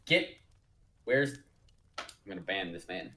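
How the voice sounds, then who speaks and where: A man's voice: mid-range voice, expressive, normal speed, sharp tone, a little hiss or hum, low-quality recording. A man co-hosting a casual online talk show, chiming in with wry jokes and plot details. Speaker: podcast co-host and chat moderator. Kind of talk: casual chat.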